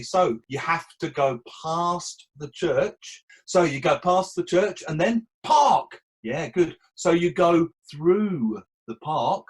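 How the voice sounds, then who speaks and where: A man, a language teacher trainer, answering interview questions in an animated storytelling way, acting out quoted dialogue. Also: on the high side, normal speed, hardly any pauses, breathy edge, low-quality recording. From England.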